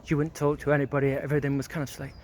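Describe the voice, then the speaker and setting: A man's voice: on the high side, little pitch movement, rapid-fire, darkish tone, a little hiss or hum. Rambling middle-aged man outdoors. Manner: rambling, loose, full of "kind of, sort of, like", swears freely. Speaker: vlogger. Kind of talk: casual walking reminiscence. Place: outdoors walking around a residential neighbourhood.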